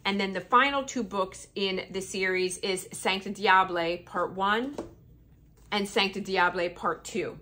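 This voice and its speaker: A woman's voice: mid-range voice, a bit bright, a little hiss or hum. A woman chatting casually and enthusiastically about a book series in a review vlog.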